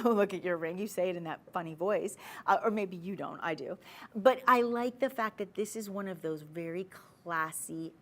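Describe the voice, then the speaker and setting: A woman hosting a TV shopping show, chatty and persuasive, talking straight to the viewers as she sells jewelry. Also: medium pitch. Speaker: shopping channel host. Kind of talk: TV shopping sales pitch.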